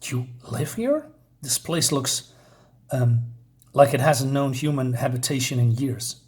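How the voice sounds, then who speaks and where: A man's voice: mid-range voice, lively intonation, measured pace, darkish tone, close to an everyday voice. A man voicing an earnest, resolute adult male superhero in dramatic inner monologue.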